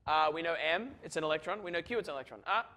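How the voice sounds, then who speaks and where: Man, physics lecturer, high pitch, bright voice, chatty, jokey, keeps asking "right?". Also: lively intonation, very fast. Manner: chatty, joking, full of "right?" checks. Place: lecture hall.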